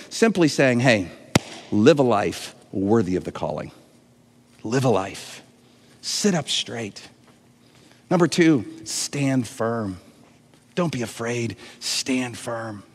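A man's voice: medium pitch, in a large hall. A man preaching a sermon to an online audience, earnest and emotional, often restarting and repeating words. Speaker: pastor. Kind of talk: livestreamed sermon.

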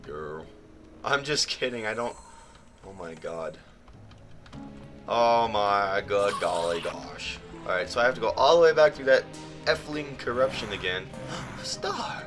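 A young man giving excitable let's play commentary, often shrieking in panic and blurting silly exclamations. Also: on the low side. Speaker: gaming channel host. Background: game music.

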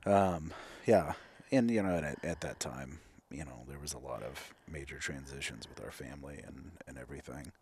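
A man's voice: a bass voice, normal speed, noisy background. A man in his thirties, a counselor hosting a candid conversation, reflective, with many fillers and restarts. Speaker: clinical counselor and host.

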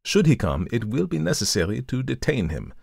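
A man voicing a methodical male detective who explains his reasoning in a measured, formal way, in a storybook reading. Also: medium pitch, big pitch swings, vocal fry, darkish tone, breathy edge, dry recording, clean studio sound, voice pushed up, exaggerated voice. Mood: lecturing. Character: coolly analytical male detective, methodical, lecturing. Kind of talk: audiobook reading of a classic story.

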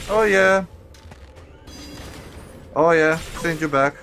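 A young man giving casual gameplay commentary, excitable and profane, stuttering and restarting, with sudden high yelps. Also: moderate pace, soft background music.

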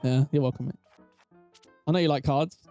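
A man's voice: mid-range voice, fairly even intonation, a little fast, dark tone, faint music behind. A man chatting casually while gaming with friends, teasing and swearing with lots of laughs. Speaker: gamer streamer.

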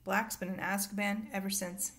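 A woman's voice: medium pitch, level tone, moderate pace, fairly bright tone, lightly acted. Lady reading as a fussy pompous minister man, kinda shaken and dodgy, storybook read-aloud. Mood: solemn. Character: flustered middle-aged male government minister.

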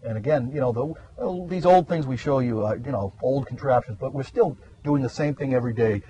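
In a garden, a male meteorologist guest gives casual explanations, rambling and hesitating with plenty of "uhs." His mellow voice sits at a medium pitch and moves fairly quickly. The recording is muffled, with a little hiss or hum.

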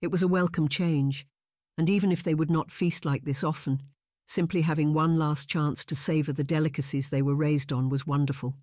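An audiobook narrator giving an even, unhurried scripted reading. The sound is close and dry, with no room around it. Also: medium pitch, no echo.

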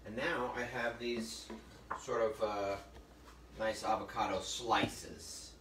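In a slow, steady, fairly low voice, a man hosts a live cooking demo. As the chef, he chats and jokes, tells stories and keeps calling his viewers "folks" while he works. The kitchen or library demo room sounds roomy through a distant mic, with faint noise.

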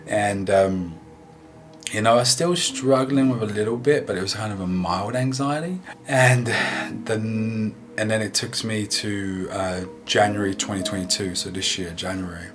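A man sharing a personal faith testimony in an earnest, emotional, halting way. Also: fairly low pitch. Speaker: guest sharing a healing testimony. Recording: music playing underneath.

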